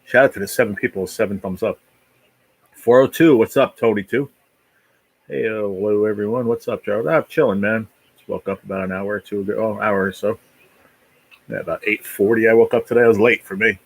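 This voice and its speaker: A man's voice: on the low side, steady tone, a little fast, no room sound, low-quality recording. A man hosting a casual live stream, rambling easily and chatting while he eats. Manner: rambling, easygoing, talks while eating. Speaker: livestream host.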